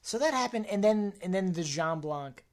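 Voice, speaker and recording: A young woman co-hosting a podcast, casually recapping episodes and slipping into quick quotes of the people involved. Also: mid-range voice, animated, a little mellow. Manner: retells scenes with quick put-on quotes. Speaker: podcast co-host.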